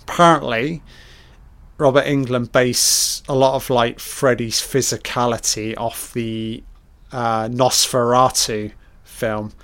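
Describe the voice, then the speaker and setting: A man's voice: medium pitch, steady tone, takes it slowly, fairly bright tone. Sweary man riffing on a film. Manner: sweary, jokey, acts out characters' lines. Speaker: film commentator. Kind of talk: casual film commentary.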